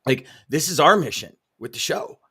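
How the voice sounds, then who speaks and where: A man's voice: a little high, lively intonation, normal speed, sharp tone, breathy edge. Upbeat man hosting a live sales show. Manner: enthusiastic, reads out comments and cheers listeners on. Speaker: podcast co-host.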